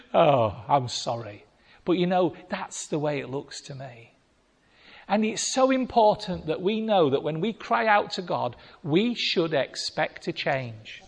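A man preaching a sermon, telling a Bible story with lively acted-out voices. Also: high voice, a little slow. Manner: animated storytelling, acting out voices. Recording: long reverb of a hall.

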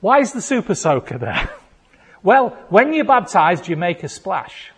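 Male preacher, playful, rising to shouts, highish voice, long hall echo. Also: sing-song, a little slow, husky. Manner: playful, builds to shouted declarations. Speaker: pastor. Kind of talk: sermon.

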